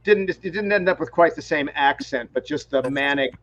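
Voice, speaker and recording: A male stage actor speaking thoughtfully and at a measured pace about his craft in an interview. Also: a little high, a bit bright, dry recording, highs cut off. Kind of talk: reflective interview talk.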